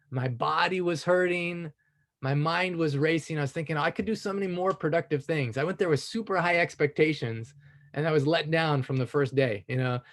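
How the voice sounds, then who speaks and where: Animated man telling a personal story. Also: fairly high pitch. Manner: animated, enthusiastic, laughs often, many "you know"s. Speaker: speaker sharing a personal story. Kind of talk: casual testimonial storytelling.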